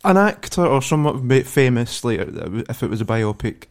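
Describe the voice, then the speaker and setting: A man's voice: mid-range voice, big pitch swings, normal speed, vocal fry. A man on a podcast, rambling and swearing in casual chat. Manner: rambling, sweary, laughs often. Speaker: podcast co-host. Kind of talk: casual banter.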